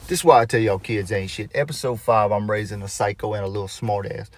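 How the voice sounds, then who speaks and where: A man telling comedic stories about his kids in an exasperated, profane, animated way. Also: on the low side, fast talker, no echo. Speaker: comedic storyteller. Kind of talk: comedic storytelling.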